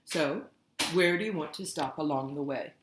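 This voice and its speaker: A woman reading a first-person children's novel aloud in a measured, earnest way. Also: low voice, noisy background. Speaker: audiobook narrator. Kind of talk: first-person storybook narration. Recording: roomy echoey recording.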